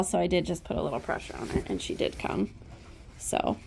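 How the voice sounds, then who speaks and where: A woman horse trainer filming on a handheld phone outdoors by a trailer, talking softly and coaxing her horse with praise. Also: lowish voice, big pitch swings, fairly quick, gravelly, husky. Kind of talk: casual training vlog. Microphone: handheld phone camera.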